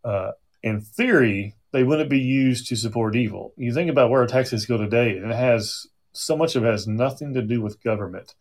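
A man's voice: mid-range voice, normal speed, a little mellow. A middle-aged male pastor leading a Bible study sermon, conversational with frequent restarts and asides.

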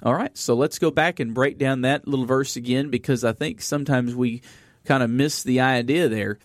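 A man's voice: medium pitch, steady tone, normal speed, no echo, studio quality. A man hosting a Bible study, reading verses aloud and then explaining them in an easygoing way, with frequent fillers. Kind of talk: conversational Bible teaching.

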